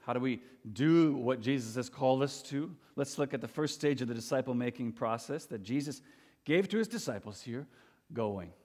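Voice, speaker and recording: A young man preaching a sermon as pastor, earnest and emphatic, often restarting his words. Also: mid-range voice. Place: church sanctuary. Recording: long church hall reverb.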